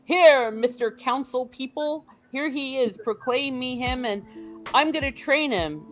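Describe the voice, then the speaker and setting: A woman's voice: sits high, expressive, unhurried, a bit bright, faint music behind, pitched above the performer's own voice. A woman playfully quoting a proud, insistent male Jedi master in an emphatic, self-important tone.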